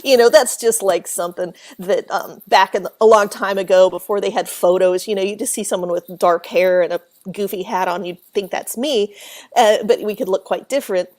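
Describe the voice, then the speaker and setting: A woman guest telling a spooky story in a casual interview, animated, acting out quoted voices and laughing often. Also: medium pitch, brisk. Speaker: author and paranormal researcher, guest.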